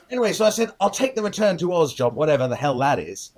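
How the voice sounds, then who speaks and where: An older man, a film editor, telling stories in an interview, laughing often and acting out the people he quotes. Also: on the high side. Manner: lively storyteller, acts out quoted voices, laughs often. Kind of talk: anecdotal interview storytelling.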